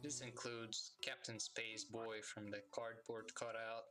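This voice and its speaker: A woman giving scripted, even-toned narration for a video about a game. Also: a bass voice, a little slow. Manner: even, informative delivery. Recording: narration over loud game music.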